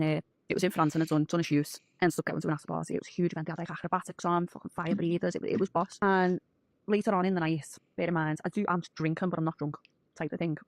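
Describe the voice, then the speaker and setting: Scouse woman, fast and gravelly, blunt swearing storyteller, dry close sound. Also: sits low, no room sound. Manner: blunt, sweary, animated retelling. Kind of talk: casual storytelling.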